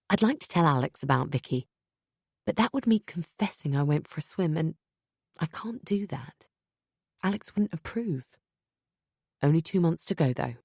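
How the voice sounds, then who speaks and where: Female audiobook narrator, low register, dry studio sound, tense measured reading. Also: darkish tone, dry recording. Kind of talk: first-person thriller narration.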